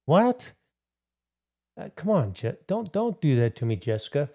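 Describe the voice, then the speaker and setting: A man's voice: mid-range voice, very animated, brisk, mellow. A middle-aged man hosting a casual livestream, rambling through a story and answering viewers in the chat. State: recovering from hip replacement. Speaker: livestream host.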